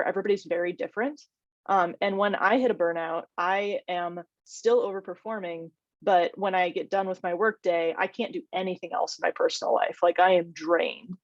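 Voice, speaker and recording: Woman guest speaker, mental health educator, lowish voice, dull dry call audio, chatty with fillers. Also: dry recording. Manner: conversational, frequent "um" and "like". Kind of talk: casual panel discussion.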